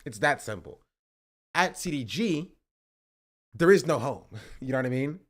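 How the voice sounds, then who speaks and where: An American man on a stream tells a travel story in rambling, casual chat, repeatedly checking in with "right?" and "you know?". His mid-range voice is animated, unhurried and fairly bright in tone.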